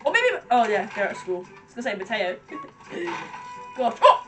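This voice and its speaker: Excitable, giggly woman commentating a reaction video, high voice that bounces around. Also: a little slow, loud music behind the voice. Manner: excitable, giggly chatter with frequent laughs.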